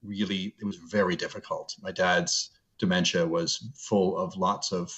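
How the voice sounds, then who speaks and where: A low-pitched middle-aged man talks over a video call, his voice dull and lo-fi. He speaks earnestly as an interview guest and tells personal stories. He slows down to stress a point. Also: level tone, a bit bright. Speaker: guest, seminary professor. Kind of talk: reflective interview storytelling.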